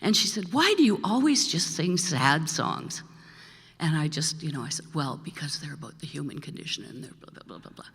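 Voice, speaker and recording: A woman's voice: sits low, lively intonation, brisk, breathy edge. An older woman from Manitoba, Canada, introducing her song to a live audience in a rambling storytelling way, laughing often. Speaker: singer-songwriter introducing a song. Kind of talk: chatty onstage song introduction. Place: live performance in a church hall. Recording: reverberant hall with faint music.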